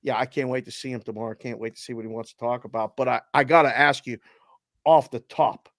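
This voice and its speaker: A man's voice: mid-range voice, fast, dry recording, clean studio sound. A middle-aged man hosting a sports betting show in casual chat, telling stories animatedly and acting out the back-and-forth. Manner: animated storyteller acting out quoted exchanges.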